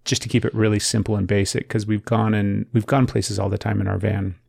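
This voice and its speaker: Very gravelly low-voiced man, gentle. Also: little pitch movement, fairly quick, no echo, studio quality. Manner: gentle, reassuring, easygoing. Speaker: podcast co-host. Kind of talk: casual podcast chat.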